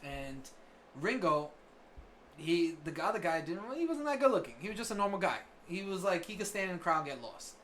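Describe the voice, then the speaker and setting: A man's voice: sits high, fairly quick, a little hiss or hum. A man co-hosting a casual podcast chat, telling stories animatedly and acting out what people said. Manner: animated storyteller acting out quotes. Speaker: podcast co-host.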